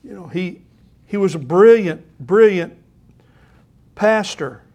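An older pastor delivers a sermon in a notably high voice. He talks to the congregation casually, then reads scripture with rising emphasis. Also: takes it slowly, darkish tone. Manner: conversational preaching that swells into emphatic scripture reading.

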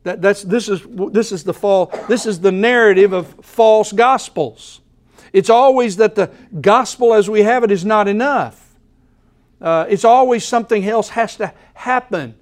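A man's voice: sits high, moderate pace. A man preaching a sermon in a church, earnest and emphatic, often restarting his phrases. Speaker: pastor.

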